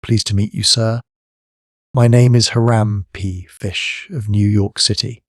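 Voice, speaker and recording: A placid American gentleman with a slow, mild drawl, polite and unhurried, as a male audiobook narrator puts him on. The voice sits low and dry, read close for a storybook. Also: steady tone, no echo, close to an everyday voice.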